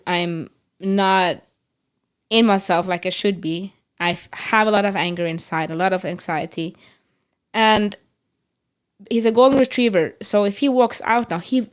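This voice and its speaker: A middle-aged woman, co-hosting a podcast and telling an animated story with restarts and laughter. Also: medium pitch, unhurried. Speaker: podcast co-host. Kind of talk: casual chat.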